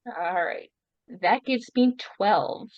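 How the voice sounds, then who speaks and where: A woman's voice: mid-range voice, slow, no echo. Wry woman guest on a dull mic. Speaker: guest player. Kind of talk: casual tabletop play. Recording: dull, dry remote mic.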